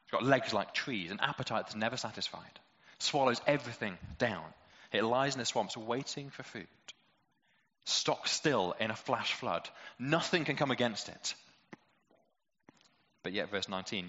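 A man's voice: medium pitch, lively intonation, moderate pace, a bit bright, long reverb tail. Male preacher, chatty sermon, playful rhetorical questions, dull recording. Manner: conversational, lots of rhetorical questions, playful asides.

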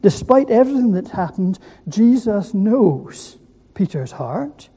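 A preacher delivers a sermon at an unhurried pace, leaning on rhetorical questions and repeated words. The voice is deep-toned and husky. It carries the long reverb of a large hall. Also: sing-song, dark tone. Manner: asks the listeners rhetorical questions; gives words weight by repeating them. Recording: echoey hall.

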